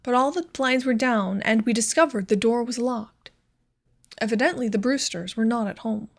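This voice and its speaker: A woman narrating a classic short story as an audiobook reader, in a measured, clear storytelling manner. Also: fairly high pitch. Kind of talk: scripted narration.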